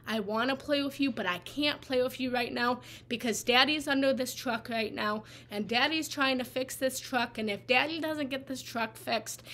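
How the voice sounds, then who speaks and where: A woman's voice: high voice, a bit bright. A woman voicing a patient, loving father who soothes his child and calls her honey. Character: patient, loving father busy fixing a truck.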